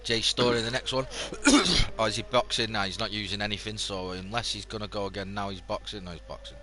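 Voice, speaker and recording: A man's voice: on the low side, fairly even intonation, fast, bright, forceful tone. A man giving live casual race commentary, teasing and swearing in banter.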